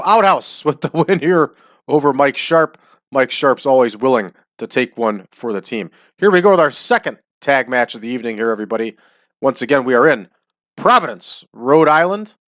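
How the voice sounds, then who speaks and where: A man's voice: mid-range voice, fairly bright tone, no echo, clean studio sound. Chatty man hosting a wrestling sim. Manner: chatty, drawn-out hype calls. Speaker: wrestling sim game host. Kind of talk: casual game commentary.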